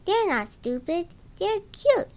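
A woman voicing a cheerful, forgiving little boy with a high, squeaky voice, read aloud in a homemade story. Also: sing-song, slow pace, heavily acted. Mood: gentle. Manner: bubbly and upbeat.

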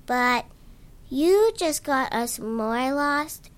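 A small, cheerful boy with a squeaky, mouse-like voice, as a woman reading her story puts him on. He chirps along brightly, high and sing-song, never losing his good mood. It is a read-aloud storybook voice. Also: expressive, extremely slow, full character voice. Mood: chatty. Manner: bubbly and upbeat. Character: cheerful, forgiving little boy.

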